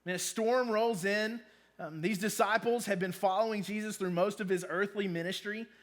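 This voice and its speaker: Man in his thirties, casual youth preacher, high voice, chatty and joking. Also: fairly even intonation, normal speed. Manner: casual, joking, with many ums. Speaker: youth pastor. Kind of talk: sermon to students.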